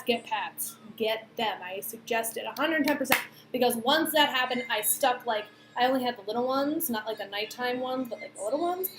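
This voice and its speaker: A young woman in her twenties telling a personal story to camera, chatty and animated, with lots of fillers and acted-out quotes. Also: a little high. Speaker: vlogger. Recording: echoey room, faint background noise.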